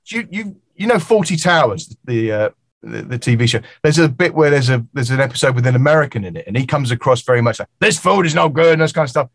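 Speaking quickly at medium pitch, this English music producer, middle-aged, chats openly as a podcast guest, bringing his anecdotes to life by performing the characters' voices. The recording has no room sound.

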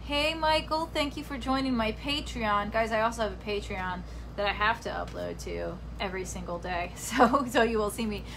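A woman's voice: medium pitch, moderate pace, creaky, fairly bright tone, a little hiss or hum. A young woman in casual, rambling live-stream chat from her family home at night, reading out viewer comments. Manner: rambling, chatty, scattered.

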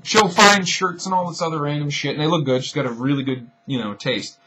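Profane ranting young man, bright voice. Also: fairly high pitch, brisk, husky. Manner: profane, rambling, sarcastic. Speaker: video blogger. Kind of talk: ranting monologue to camera.

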